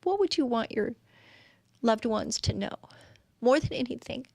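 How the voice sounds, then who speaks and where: A woman's voice: on the high side, fairly even intonation, measured pace, creaky, husky, no room sound, clean studio sound. A middle-aged woman hosting a live stream, giving a heartfelt devotional talk full of rhetorical questions. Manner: heartfelt, earnest, asks many rhetorical questions. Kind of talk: faith-based devotional talk.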